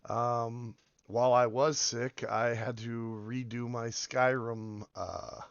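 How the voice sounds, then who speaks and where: A man with a hoarse voice from being sick, rambling casually as he comments on a game and drifts between topics. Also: medium pitch, steady tone, takes it slowly, no room sound, lo-fi sound. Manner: rambling, meandering, many fillers. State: hoarse from illness. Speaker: game video host.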